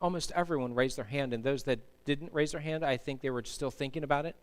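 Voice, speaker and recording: This is a male pastor preaching in a church sanctuary, talking fast in a medium-pitched voice. His delivery is emphatic, and he prompts the congregation to respond.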